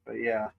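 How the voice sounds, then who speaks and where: A laid-back man tells rambling stories on a live stream and laughs often. His voice sits at an everyday middle pitch. The sound is dull and lo-fi. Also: creaky, husky. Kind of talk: casual chat.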